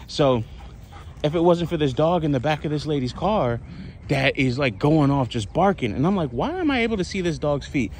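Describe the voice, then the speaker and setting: A man's voice: mid-range voice, a little mellow, slight background noise. A man rambling to his viewers in a loose, profane storytelling monologue full of fillers. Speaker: vlogger.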